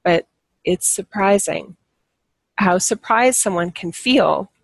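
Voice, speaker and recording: Woman on a livestream, kinda gravelly voice, rambly, keeps restarting, dry close sound. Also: mid-range voice, animated, slow pace, no room sound. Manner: rambling, self-correcting, laughs at herself. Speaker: livestream host. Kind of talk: casual spiritual talk to live viewers.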